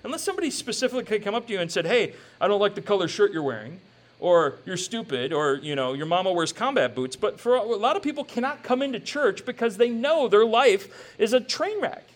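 A man preaching a sermon in a conversational, joking way, slipping into quick quoted asides. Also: high voice, very animated. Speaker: pastor.

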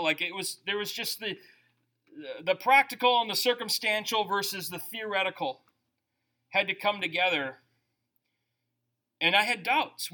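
Bright, lively male pastor preaching. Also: high-pitched. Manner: animated, conversational preaching with shifting volume. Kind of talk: sermon.

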